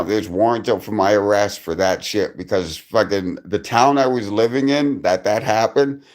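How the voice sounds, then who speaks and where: A man telling a rambling personal story on a live stream, swearing constantly and restarting his sentences. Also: mid-range voice.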